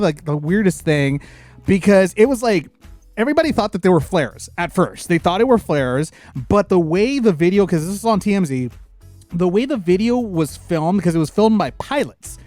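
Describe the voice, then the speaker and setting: A man hosting a casual news chat, rambling and excitable, with many restarts. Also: high-pitched, dry recording. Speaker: podcast host.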